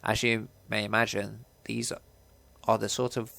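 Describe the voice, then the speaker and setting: A man's voice: fairly low pitch, little pitch movement, unhurried, gravelly, bright, forceful tone, full character voice. A man doing a theatrical painted elf. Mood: lecturing. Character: painted elf, flamboyant and knowing.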